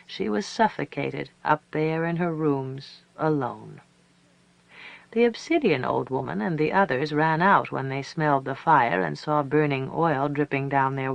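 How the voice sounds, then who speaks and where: A storyteller reading a story aloud in a measured way, slowing down for emphasis. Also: mid-range voice, creaky, dry recording, highs cut off. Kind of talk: scripted narration of a story.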